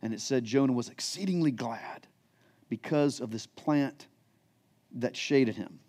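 This is a middle-aged male pastor from the United States, unhurried and mellow at a medium pitch. He delivers a sermon as a story, paraphrasing scripture in everyday language.

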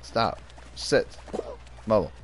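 A man's voice: takes it slowly, slight background noise. A man streaming a game, chatting casually with viewers and his pet. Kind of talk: casual livestream chat.

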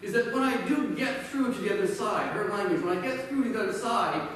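A man's voice: high voice, lively intonation, a little fast, a bit bright, a little hiss or hum. A man preaching a sermon as pastor, telling stories with a conversational, self-deprecating humor. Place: church sanctuary. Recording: echoey church hall from far off.

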